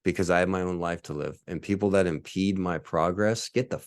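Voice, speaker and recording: A man's voice: low voice, fairly quick, dry recording. A man in his forties hosting a podcast, ranting in a profane, boastful, combative monologue. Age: 40s. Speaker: podcast host.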